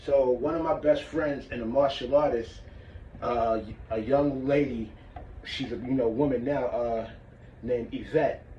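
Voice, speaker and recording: A man's voice: mid-range voice, steady tone, unhurried, warm tone, slight background noise. A man teaching martial arts breathing, casual and checking in with his listeners as he demonstrates. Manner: casual, demonstrates as he talks, checks in with "all right?". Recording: echoey room, mic far off, muffled.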